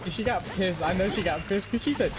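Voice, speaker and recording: A young man chatting casually with friends on a stream, telling animated stories, swearing freely and laughing often. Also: high voice, quick pace, loud music behind the voice. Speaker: gamer on a voice-chat stream. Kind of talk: casual chat.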